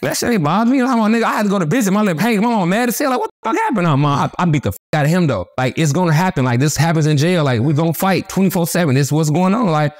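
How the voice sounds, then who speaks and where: Fast-talking man telling rough stories. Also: on the high side. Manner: rapid, animated, profane street talk with many restarts. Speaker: interview guest. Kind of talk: casual storytelling interview.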